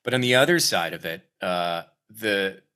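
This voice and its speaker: A voice actor chatting casually in an interview, lively and acting out quoted lines as he coaches. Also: low-pitched, normal speed, clean tone. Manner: animated, acts out quoted voices. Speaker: voice actor guest.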